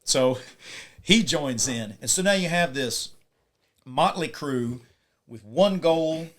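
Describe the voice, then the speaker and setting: A man, a podcast guest, talking casually as he gives an animated retelling of film scenes. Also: fairly high pitch, takes it slowly. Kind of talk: casual storytelling chat.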